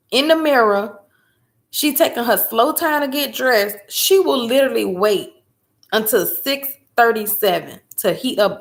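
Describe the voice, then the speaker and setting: Animated woman telling a story. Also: on the high side. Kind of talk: casual chat.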